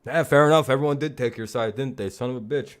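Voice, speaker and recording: A man's voice: mid-range voice, quick pace, clear, resonant tone. Rambling, profane sports-streaming man. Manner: rambling, profane, laughing jokily. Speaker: streamer and host. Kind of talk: casual live sports talk.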